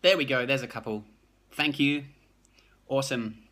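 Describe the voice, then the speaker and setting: New Zealand man, bright voice, quick excitable chat, live stream on a phone. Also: medium pitch. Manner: fast, excitable, many restarts. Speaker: productivity blogger hosting a live stream. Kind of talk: casual live-stream chat, reading comments.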